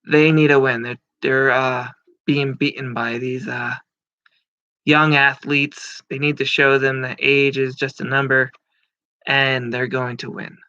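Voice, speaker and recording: Slow-talking bright-voiced man making predictions. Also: mid-range voice, flat delivery. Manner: rambling, swears casually, many fillers. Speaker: wrestling commentator. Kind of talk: casual predictions vlog. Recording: muffled lo-fi dry recording.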